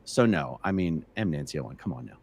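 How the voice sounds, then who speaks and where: A man's voice: very deep voice, big pitch swings, fast talker, a little mellow, breathy edge, no room sound. A man hosting a casual live stream, chatting and answering viewer questions from the chat. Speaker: livestream host.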